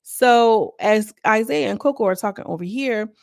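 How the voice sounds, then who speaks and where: A woman's voice: a little high, normal speed, gravelly, darkish tone, no echo, clean studio sound. A young woman recapping a reality TV episode in a chatty, slang-filled way, acting out what people said. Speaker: reality TV reviewer.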